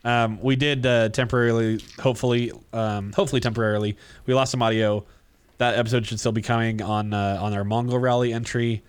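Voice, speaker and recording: A man's voice: medium pitch, little pitch movement, a little fast, clear, resonant tone. A man co-hosting a podcast in casual chat, self-deprecating and laughing often. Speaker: podcast co-host.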